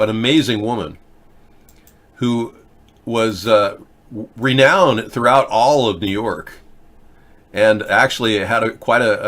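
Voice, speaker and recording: A man's voice: mid-range voice, a bit bright. Man, live-stream host, casual, blunt, rambling, stop-start phrasing, replies to chat viewers. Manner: blunt, rambling, restarts words often. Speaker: host of a live political video chat show.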